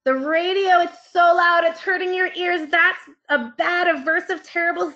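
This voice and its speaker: A high, bright woman's voice gives an animated psychology lecture to students, lively and playful as she asks them questions. The sound is a little dull and lo-fi. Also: normal speed. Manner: lively, playful, acts out screaming child voices. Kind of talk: live online class lecture.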